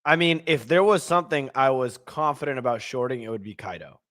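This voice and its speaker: A man's voice: mid-range voice, animated, a little fast, fairly bright tone, dry recording, clean studio sound. A man co-hosting a casual crypto podcast, reading market news with brash, sarcastic asides and casual swearing. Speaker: podcast co-host.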